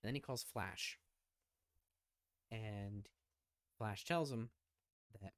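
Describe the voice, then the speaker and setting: Low-voiced man casually recapping a film. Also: takes it slowly, long pauses, fairly bright tone, no echo, studio quality. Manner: retells movie scenes, acting out lines. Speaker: podcast co-host.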